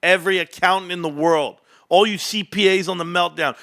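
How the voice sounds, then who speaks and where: A man hosting a casual livestream, talking about stocks in an animated, boastful, rambling way. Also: sits high, fairly quick, dry recording, studio quality. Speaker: host.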